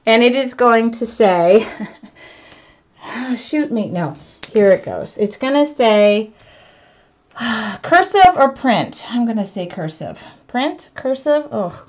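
A woman artist chatting to her live viewers as she works, excitable and self-mocking, laughing often. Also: on the high side, takes it slowly, pauses often. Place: home art studio, indoors. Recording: dull lo-fi stream audio.

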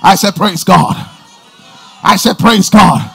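A man preaching a sermon as pastor, emphatic, often shouting and stretching words out, repeating phrases and calling out praise. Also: high-pitched, slow, creaky, breathy edge, soft background music, a faint crowd.

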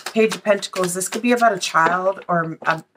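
A woman's voice: on the low side, brisk, background noise. A woman doing a casual tarot reading, chatty and blunt, swearing freely and a little out of breath. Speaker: tarot reader.

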